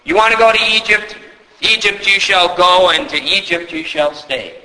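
A man's voice: high voice, moderate pace, pushed and bright. Preacher acting as a fed-up, resentful man. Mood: scornful. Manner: indignant, sarcastic scolding. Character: resentful, exasperated man in God's place. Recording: echoey hall.

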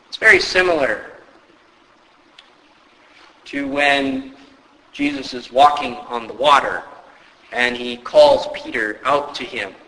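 A man preaching a sermon, often asking rhetorical questions and rising sharply in pitch for emphasis. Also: very animated, slow, long pauses, pushed and bright, long reverb tail, low-quality recording. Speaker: pastor.

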